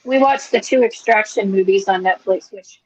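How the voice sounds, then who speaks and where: A woman's voice: mid-range voice, moderate pace. A woman co-hosting a podcast in casual chat, matter-of-fact and plain-spoken. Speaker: podcast co-host. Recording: slightly dull lo-fi sound.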